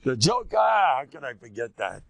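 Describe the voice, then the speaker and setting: A man's voice: medium pitch, sing-song, moderate pace, vocal fry, fairly bright tone. An older man, a rabbi giving a rambling, joking religious lecture and teasing his listeners.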